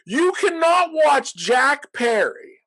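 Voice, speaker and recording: Man, high-pitched, animated, rambling, laughing often, casual podcast chat. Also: slow, poor audio. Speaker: podcast co-host.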